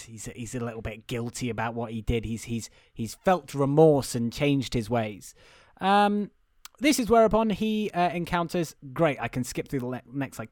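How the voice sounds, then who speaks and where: A man's voice: medium pitch, dry recording, studio quality. A young man who hosts a podcast, giving a casual, rambling, profane and amused recap of a film. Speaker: podcast host.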